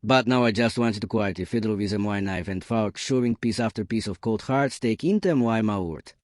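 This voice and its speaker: A man calmly narrating a first-person story in an even storytelling manner. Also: on the low side, normal speed, no room sound, studio quality.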